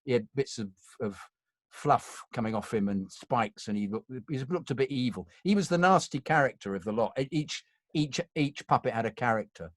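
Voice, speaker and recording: A man's voice: mid-range voice, animated, normal speed, no echo, clean studio sound. Rambling older man telling stories. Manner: rambling, with many restarts and self-corrections. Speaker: actor, interview guest. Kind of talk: casual anecdotal chat.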